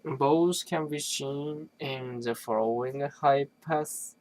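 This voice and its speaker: Academic text read aloud, very slow, halting, restarts, throat clearing. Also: medium pitch, darkish tone, low-quality recording. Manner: halting, with restarts and self-corrections; clears throat between passages. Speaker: reader of a linguistics text.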